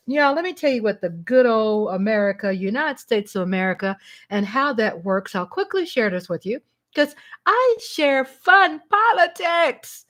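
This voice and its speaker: High-voiced chatty woman streamer. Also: moderate pace. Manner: excitable, chatty, shouts and laughs with excitement. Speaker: livestream host. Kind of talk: casual livestream chat. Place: home.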